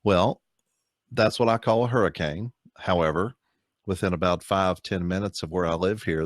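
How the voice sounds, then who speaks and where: Deep-voiced man. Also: no room sound, studio quality. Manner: measured, laughs easily, sums up with "okay". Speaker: co-host, voice-over artist. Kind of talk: casual chat.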